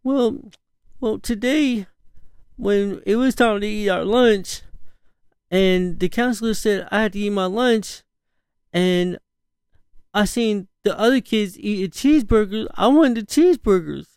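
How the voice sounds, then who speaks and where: A man's voice: sits high, a little slow, pauses often, darkish tone, smooth, dry recording, clean studio sound, voice pushed up. A man voicing his young daughter, a tearful little girl who pleads in breathless run-on sentences.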